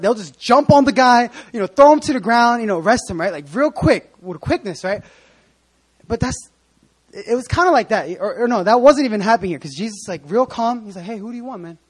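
A man's voice: sits high, lively intonation, moderate pace. A man preaching a casual sermon, chatty and joking with many asides. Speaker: pastor.

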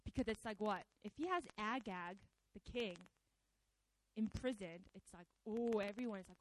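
A woman preacher giving a conversational, animated sermon, often slipping into acted quotes. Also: mid-range voice, normal speed, slight background noise, low-quality recording.

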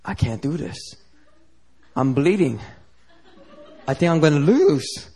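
A man's voice: on the high side, very animated, slow, mellow, slightly rough, exaggerated voice. A man playing a heavyweight boxer who anxiously doubts himself. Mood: doubtful.

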